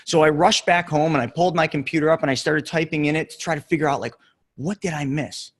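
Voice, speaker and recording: A middle-aged man giving an earnest motivational talk, telling a story with emphatic pauses. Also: fairly high pitch, steady tone. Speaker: real estate investor and coach.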